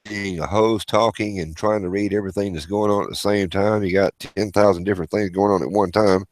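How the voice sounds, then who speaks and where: Low-voiced man rambling through a livestream. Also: steady tone, a little fast, no room sound. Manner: rambling, reads out viewer chat and greets viewers by name. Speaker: livestream host. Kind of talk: casual livestream chat.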